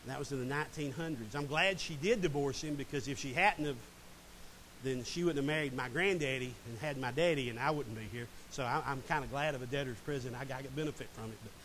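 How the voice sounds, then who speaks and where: A man's voice: medium pitch, quick pace, fairly bright tone, poor audio. A middle-aged man preaching a sermon and reading scripture dramatically. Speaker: pastor. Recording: faint hiss.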